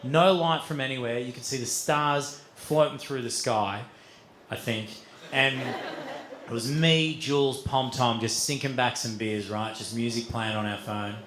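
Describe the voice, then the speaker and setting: A man telling a long story on stage as a stand-up comedian, swearing freely and getting animated. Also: mid-range voice, a little slow, a little hiss or hum. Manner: animated, swearing, building to shouts.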